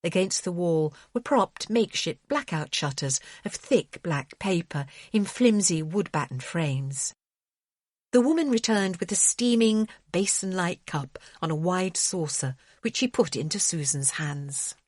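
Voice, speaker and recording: Woman audiobook narrator, lowish voice, lively intonation, dry studio sound. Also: unhurried, no room sound. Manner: expressive storytelling.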